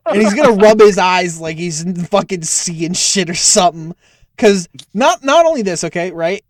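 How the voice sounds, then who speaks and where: Young guy gm, lots of likes and ums, cusses, bit high voice, dry close mic. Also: animated, normal speed, no room sound. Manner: casual, filler-heavy, laughing, cursing. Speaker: game master. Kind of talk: narrating a tabletop game.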